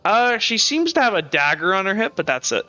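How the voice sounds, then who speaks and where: Male game master, bright and slightly high, loose rambling narration, lo-fi stream audio. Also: big pitch swings, fairly quick, no echo. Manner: rambling, many fillers and restarts, laughs often.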